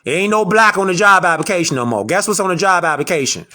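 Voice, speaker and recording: A man's voice: high-pitched, lively intonation, fast, bright, forceful tone. A man lecturing his audience in an emphatic, preachy way, repeating rhetorical questions. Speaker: online lecturer. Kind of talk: preachy commentary to camera.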